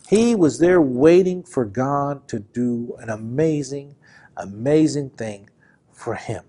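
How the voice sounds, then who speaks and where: Fervent preaching man, fairly high voice. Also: lively intonation, measured pace, a little mellow, slightly rough. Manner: impassioned, repetitive preaching with rising and falling emphasis. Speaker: pastor. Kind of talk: sermon.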